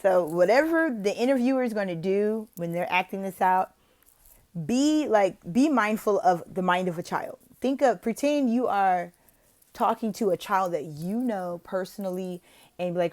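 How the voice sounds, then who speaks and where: A woman explaining how to teach an online lesson, walking through slides in an expressive, animated way. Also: moderate pace. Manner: animated, expressive, slips into whispers and a high sing-song teacher voice. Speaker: online English teacher giving interview tips. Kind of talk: instructional talk with acted classroom demos.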